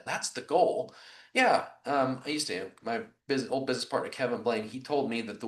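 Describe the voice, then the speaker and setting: A man's voice: medium pitch, a bit bright, recorded from a distance. Man coaching on a roomy video call. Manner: conversational, acts out client dialogue. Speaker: real estate trainer. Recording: roomy echo, a little off the mic.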